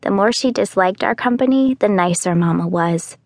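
Calm woman narrating a children's novel. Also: mid-range voice, normal speed, no echo. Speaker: audiobook narrator. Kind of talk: scripted narration.

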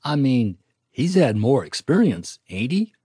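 A man's voice: medium pitch, very animated, unhurried, warm tone, slightly rough, no room sound, studio quality. A man voicing a wounded young cowboy, tough but weak, mumbling in a drawl, in a storybook reading.

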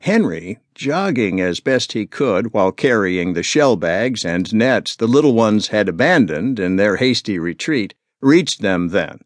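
A man narrating an audiobook with measured, expressive storytelling. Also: fairly low pitch, no echo, studio quality. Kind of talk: scripted narration.

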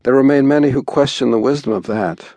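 A man's voice: mid-range voice, fast talker, creaky, mellow, no echo, pitched above the performer's own voice, lightly acted. A man voicing an argumentative barbarian woman in a storybook reading, countering with careful reasoning. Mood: doubtful.

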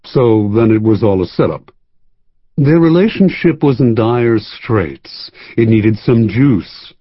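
A man narrating a first-person story from a script in an animated storytelling way. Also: medium pitch, takes it slowly, slightly rough, dry recording. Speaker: audiobook narrator. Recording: dull, dry studio sound.

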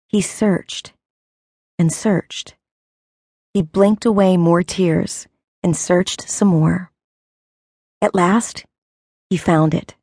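A woman narrating an audiobook in a measured, unhurried storytelling manner. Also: on the low side, darkish tone, no echo, studio quality.

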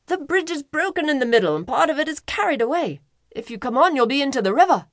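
Woman putting on a shouting, alarmed man. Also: high-pitched, sing-song, fast, no echo, studio quality, voice pushed up. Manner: shouting, urgent. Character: excited man calling out a warning.

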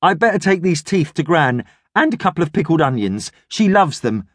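A man's voice: fairly high pitch, sing-song, moderate pace, dry recording, clean studio sound. A man voicing an eager young boy. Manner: earnest and chatty.

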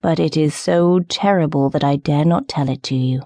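A woman voicing a solemn old rose tree in an audiobook, slow and grave. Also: low voice, dark tone, no room sound. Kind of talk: audiobook character reading.

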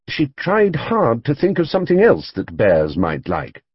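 Husky man narrating an audiobook. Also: deep voice, moderate pace, few pauses, dry recording. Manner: expressive storytelling. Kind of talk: scripted narration. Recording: dull, dry studio audiobook read.

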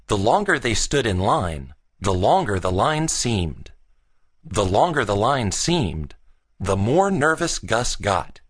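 A man narrating a children's audiobook in an expressive storytelling manner. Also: fairly low pitch, takes it slowly, husky.

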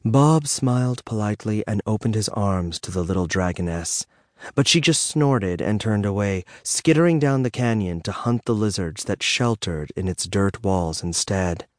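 A man narrating a fantasy audiobook in a measured, even storytelling manner in a studio. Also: lowish voice, dry recording.

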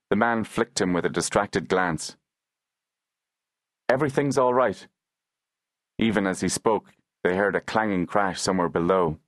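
A man reading a historical novel aloud as an audiobook narrator, in a measured, unhurried storytelling manner into a close studio microphone. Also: low-pitched, dry recording.

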